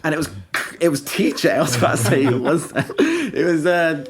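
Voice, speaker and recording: A young man, co-hosting a podcast and telling a story in casual chat, animated and often laughing as he goes. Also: on the high side, brisk, faint music behind. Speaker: podcast co-host.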